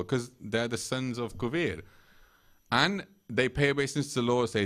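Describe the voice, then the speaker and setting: A male temple speaker delivering a conversational sermon. He chuckles often and briefly acts out the voices of the people in his stories. His pitch sits in the middle range for a man. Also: expressive, moderate pace, fairly bright tone. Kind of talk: sermon retelling scripture stories. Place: temple hall.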